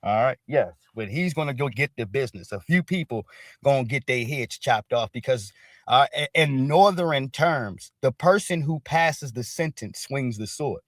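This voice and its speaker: A man's voice: medium pitch, expressive, moderate pace, fairly bright tone, dry recording. A man hosting a casual livestream, talking loose and emphatic and checking in with "all right?" after nearly every point. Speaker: show host.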